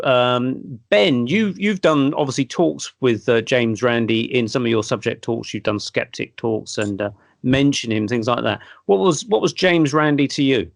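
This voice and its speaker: English host guy, bit gravelly, dry call audio, jokey and chatty. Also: medium pitch, dry recording. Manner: friendly banter, laughs easily. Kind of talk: online panel chat. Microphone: home computer mic on a video call.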